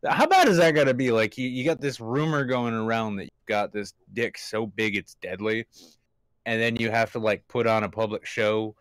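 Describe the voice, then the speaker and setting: A man's voice: mid-range voice, moderate pace, clear, resonant tone, dry recording. A man hosting a comedy podcast, reading odd news stories aloud with irreverent asides, frequent laughs and stumbles over names. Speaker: podcast host.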